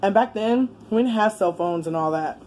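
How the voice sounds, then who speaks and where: A woman in her thirties with a warm, mellow voice tells a rambling personal story straight to camera. She is blunt and swears freely, leaning on plenty of fillers. A faint fan hum runs underneath. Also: mid-range voice, moderate pace, low-quality recording. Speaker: vlogger. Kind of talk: casual story time while eating. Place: indoors with a fan running.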